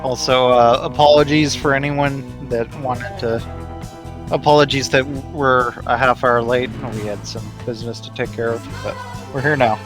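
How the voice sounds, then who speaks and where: A man's voice: mid-range voice, fairly even intonation, measured pace. Wry teasing male co-host. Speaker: co-host and commentator. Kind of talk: casual gameplay commentary. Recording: stream mic with faint game music.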